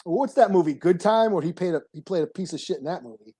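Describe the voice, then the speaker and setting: A man co-hosting a podcast in casual chat, talking haltingly with many restarts and casual swearing. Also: high-pitched, expressive, warm tone, breathy edge. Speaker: podcast co-host.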